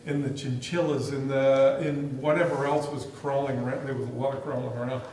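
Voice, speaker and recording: A man's voice: mid-range voice, steady tone, fairly quick, a little mellow. A man speaking as school superintendent at a board meeting, telling chatty, amused stories. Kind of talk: meeting remarks and storytelling. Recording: echoey room, distant mic.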